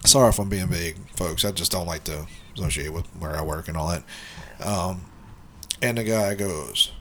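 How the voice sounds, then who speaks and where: With his allergies acting up, a man co-hosting a podcast rambles through a work story, cursing frequently and laughing as he chats. He speaks at normal speed in a low, pushed, bright voice.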